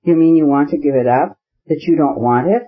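A man's voice: fairly quick, natural voice. A man voicing an earnest, loving young woman in a storybook reading, his voice lifted and pleading. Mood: bewildered. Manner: raised pitch, eager and pleading. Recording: slightly muffled audio.

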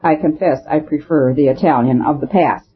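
A reader voicing a fiery young Italian male poet who answers with earnest scorn, heard as a husky voice through tinny phone-like audio. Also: mid-range voice, moderate pace, close to an everyday voice.

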